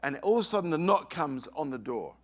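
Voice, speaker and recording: A man's voice: fairly high pitch, big pitch swings, fast. A middle-aged man preaching a sermon, telling a family story with emphatic, repeated phrases.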